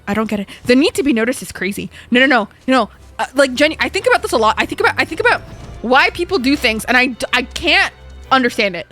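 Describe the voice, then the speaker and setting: A young adult woman streamer chatting casually while gaming, ranting in an animated, profane way. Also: high-pitched, a little fast, faint music behind.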